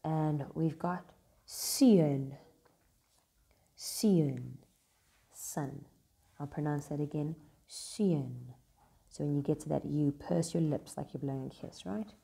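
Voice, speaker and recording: A woman giving a casual, encouraging vocabulary lesson, repeating words slowly to model pronunciation, recorded in a school. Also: low voice, flat delivery, gravelly, dark tone. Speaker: language teacher.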